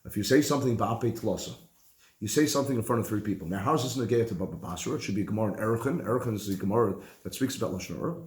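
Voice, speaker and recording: Animated rabbi teaching in an echoey room. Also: male voice, fairly low pitch, rapid-fire. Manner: animated, conversational, mixes Hebrew and Yiddish terms. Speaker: rabbi teaching a halacha class. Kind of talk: Torah class lecture.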